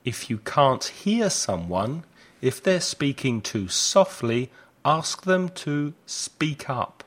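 This male English teacher models each phrase slowly and deliberately for his class to repeat. Wide pitch swings give his clear delivery a lively intonation, showing students exactly how every line ought to sound.

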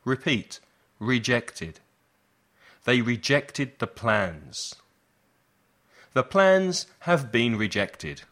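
Slow, deliberate male teacher. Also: mid-range voice, sing-song, a bit bright. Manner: slow, deliberate repetition for learners. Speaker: English teacher. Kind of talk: slow language lesson drills.

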